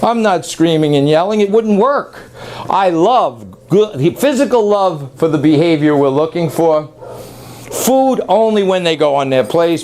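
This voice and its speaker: A man who runs a dog training facility, talking loosely and excitably as he demonstrates training, now and then yelling playfully. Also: on the high side, unhurried, a little hiss or hum. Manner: loose, rambling, excitable, yells playfully at times. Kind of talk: casual on-camera demonstration.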